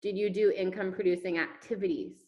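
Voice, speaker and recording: A woman's voice: medium pitch, fairly even intonation, a little fast, darkish tone, roomy sound, dull audio. A woman leading a network marketing team, giving an emphatic motivational talk over a video call, firing rhetorical questions and repeating words for effect. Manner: emphatic, rhetorical questions, repetition, casual swearing.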